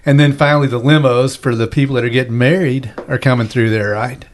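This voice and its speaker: A man's voice: mid-range voice, fairly even intonation, quick pace, a little hiss or hum. Rambling storytelling male chef. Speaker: chef guest. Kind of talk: casual storytelling.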